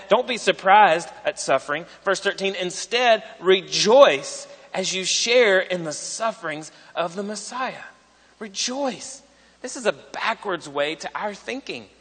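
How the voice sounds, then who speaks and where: A man in his thirties preaches in a high, bright voice, talking to the congregation in a conversational way and checking in with a frequent "right?". His words ring out with the long reverb of a large church hall. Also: husky. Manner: conversational preaching, repeats phrases and tags lines with "right?". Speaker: pastor. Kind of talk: sermon.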